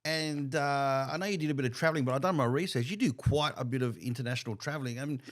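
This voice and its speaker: A man's voice: medium pitch, fast. A man hosting a casual interview, nodding along with short replies and asking rambling questions. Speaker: host.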